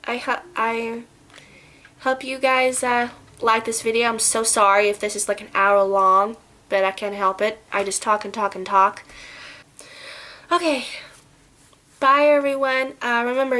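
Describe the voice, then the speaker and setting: A woman's voice: fairly high pitch, steady tone, unhurried, pauses often, sharp tone, rough recording. A woman vlogging a casual book and film review, chatting in a rambling way and often restarting her sentences.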